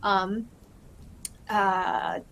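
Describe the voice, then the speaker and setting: A woman's voice: mid-range voice, little pitch movement, drawn-out words, fairly bright tone. A woman co-hosting a live reading stream, chatting with enthusiasm, laughing often and using many fillers. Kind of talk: casual chat.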